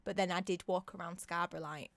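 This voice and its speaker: A woman's voice: fairly low pitch, steady tone, quick pace, fairly bright tone, no room sound. A woman with a Sheffield accent, co-hosting a comedy podcast and explaining things in a matter-of-fact way. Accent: Sheffield English. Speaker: podcast co-host. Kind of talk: casual comedic chat.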